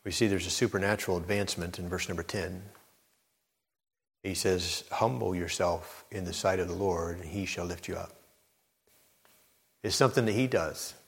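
A man's voice: low-pitched, moderate pace, vocal fry, long pauses. Man preaching in a reverberant hall. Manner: preaching with surging intensity, rising to near-shouted emphasis. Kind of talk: sermon.

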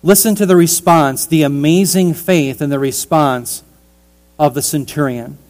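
A man preaching in a fairly high voice, building each point with emphasis as he explains a scripture passage. He speaks warmly and directly to his listeners as dear ones. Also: unhurried. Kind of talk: expository sermon.

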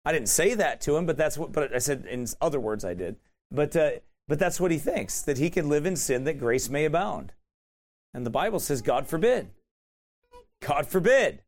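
A man's voice: on the high side, moderate pace. A man preaching a sermon, retelling an encounter in a colloquial, emphatic way and repeating key points. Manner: animated, colloquial, emphatic repetition.

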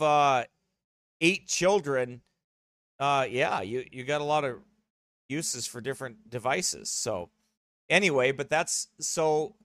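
A man who pastors chats loosely with his online congregation before the service. His talk rambles and keeps restarting itself, in a voice of middling pitch. The sound is close and dry, with no room around it. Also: a bit bright, dry recording. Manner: rambling, chatty, with many restarts. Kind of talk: casual chat with a streaming congregation. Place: at a desk beside his streaming computer. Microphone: streaming mic close at his desk.

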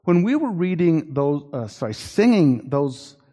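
A man's voice: fairly high pitch, very animated, measured pace, dark tone. Earnest male preacher in a big hall. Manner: earnest, warning, with frequent restarts. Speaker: pastor. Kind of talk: sermon. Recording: long hall reverb.

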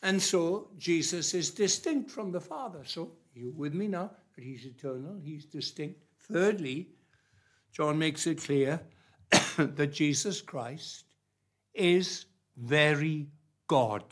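A man preaching a sermon, unhurried and emphatic, dropping soft and then rising loud on key phrases. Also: on the high side, lively intonation.

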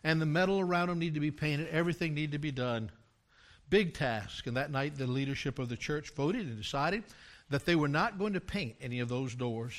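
An older man preaches a sermon, recounting a story from his years as a pastor and building to loud, emphatic climaxes. He talks fairly quickly in a voice on the high side.

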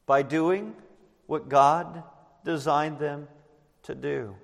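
A man's voice: on the high side, fairly even intonation, vocal fry. Preaching man in a reverberant church. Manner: emphatic preaching, slows down on key words. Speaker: pastor. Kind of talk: sermon. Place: church sanctuary. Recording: long reverb in a large church.

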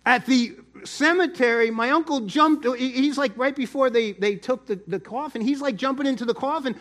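A man's voice: very high voice, moderate pace, hardly any pauses, a bit bright. A middle-aged man preaching a sermon, telling a personal story in a chatty way and often repeating words. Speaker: pastor.

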